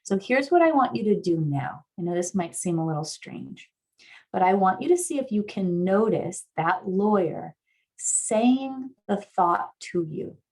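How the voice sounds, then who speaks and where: Heard through a video call, she guides an online workshop audience through an exercise, sincere in tone with occasional bursts of excited affirmation. The guest somatic therapist has a mid-range voice and takes her time.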